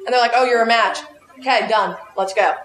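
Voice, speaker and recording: A woman chatting casually, an animated storyteller who laughs often. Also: a little high, brisk, reverberant, rough recording. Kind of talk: casual chat.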